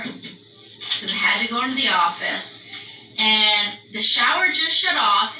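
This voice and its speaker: A woman telling a story in a casual chat, animated and swearing freely, acting out the barks and screams. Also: on the high side. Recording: roomy echo, distant from mic, faint background noise.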